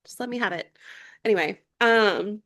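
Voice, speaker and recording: A woman's voice: mid-range voice, moderate pace, a bit bright, no room sound. Woman podcast co-host, 30s, gossipy casual recap, dry close sound. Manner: chatty gossip recap, lots of "like" fillers. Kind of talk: casual chat.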